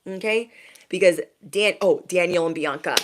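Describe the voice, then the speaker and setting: A young woman tarot reader telling a story in casual chat, animated and slangy. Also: lowish voice, normal speed, noisy background.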